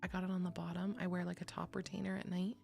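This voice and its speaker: Gravelly, chatty woman streamer. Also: lowish voice, little pitch movement, quick pace, darkish tone. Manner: chatty, swears freely, laughs often, reads chat aloud. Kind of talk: casual chat with chat. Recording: faint music behind.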